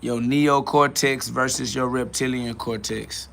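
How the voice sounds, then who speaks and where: A man's voice: medium pitch, fairly even intonation, measured pace, creaky, fairly bright tone. A man hosting a live stream, answering chat questions in a preachy, blunt way, with casual slang and quoted Bible verses. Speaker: livestream host.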